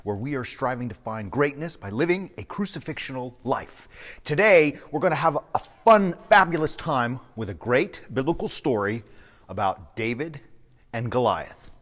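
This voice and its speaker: Priest guy telling a story, lively ups and downs, long echo around him. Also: mid-range voice, moderate pace. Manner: animated, enthusiastic storyteller. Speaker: priest and podcast host. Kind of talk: storytelling sermon podcast. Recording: long echoey reverb.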